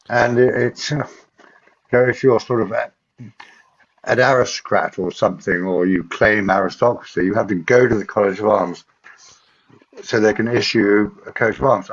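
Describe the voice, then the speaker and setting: A man's voice: fairly low pitch, moderate pace. An English man in a casual stream chat, explaining things hesitantly with stammering restarts. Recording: dull lo-fi sound.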